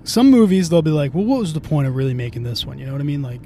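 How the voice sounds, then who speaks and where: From inside a moving car, a podcast host rambles and curses, often starting his sentences over. He talks in a racing, sing-song way with a dark tone, and a faint rumble of the car can be heard.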